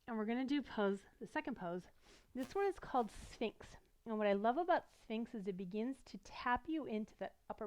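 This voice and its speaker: Middle-aged female yoga instructor, slightly breathless, gentle encouraging guidance, pitch a little high. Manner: gentle, encouraging, explains as she demonstrates. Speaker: yoga teacher.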